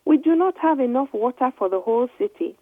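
A woman's voice: sits high, animated, brisk, slightly rough, dry recording, pitched above the performer's own voice. A woman reading a storybook voices a caring father, speaking earnestly and seriously. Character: grave, caring African father. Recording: dry, tinny phone-like line.

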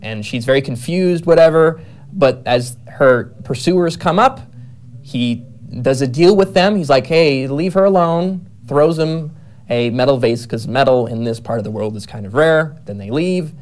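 A man's voice: mid-range voice, expressive, normal speed, darkish tone. Rambling man with lots of fillers. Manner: rambling, many fillers and self-corrections. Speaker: writer describing his novel. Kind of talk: casual chat.

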